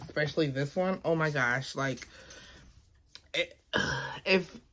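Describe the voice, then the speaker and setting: A Baltimore woman vlogs casually into her phone camera at home, rambling with plenty of fillers in her Baltimore accent. Her voice sits low and fairly bright, she speaks slowly, and there's a little hiss or hum in the recording.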